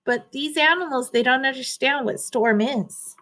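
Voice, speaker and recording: A woman reading a children's storybook aloud, pausing to explain words and ask the listeners questions. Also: high-pitched, bright, forceful tone.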